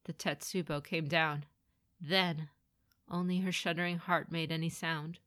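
A woman narrating a grim fantasy story in a dramatic, expressive reading. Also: low-pitched, unhurried.

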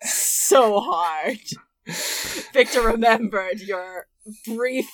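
A woman's voice: fairly high pitch, extremely slow, no echo. A woman narrating as game master in a casual, chatty way, full of fillers and laughter. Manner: chatty, giggly, lots of fillers. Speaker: dungeon master.

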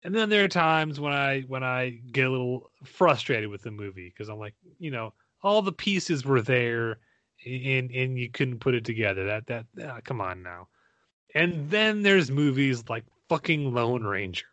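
A man's voice: medium pitch, expressive, normal speed, a bit bright, no room sound. A man co-hosting a casual movie-review chat, ranting in an exasperated, profane way. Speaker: podcast co-host.

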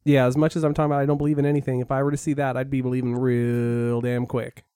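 A man co-hosting a podcast, animated and joking as he chats. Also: mid-range voice, fast talker, clean tone, no room sound, clean studio sound. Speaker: podcast co-host. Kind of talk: casual chat.

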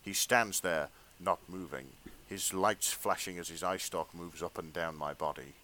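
A man's voice: low-pitched, unhurried, pushed and bright, a little hiss or hum. A male podcast co-host doing a comedic dramatic reading of fanfiction, often breaking into laughter.

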